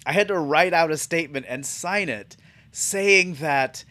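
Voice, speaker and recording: A man's voice: a little high, a little slow, sharp tone, dry recording. A man hosting a podcast, telling a profane, exasperated comic story about his job in a casual monologue. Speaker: podcast host.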